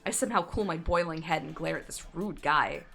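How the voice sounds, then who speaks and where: Woman streamer, visual novel narration, expressive, lowish voice, faint music behind. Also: fairly quick, creaky. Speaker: VTuber streamer. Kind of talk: reading a visual novel aloud.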